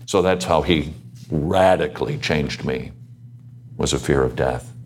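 A man's voice: a bass voice, unhurried, a little hiss or hum. A man speaking earnestly on a Christian panel, exhorting listeners to live for the Lord.

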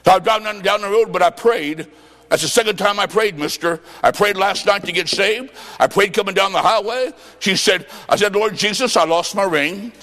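A revival preacher with a high-pitched voice, telling his story with sudden swings between hushed lines and shouts. His voice rings out through a large church hall with a long reverb tail. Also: brisk.

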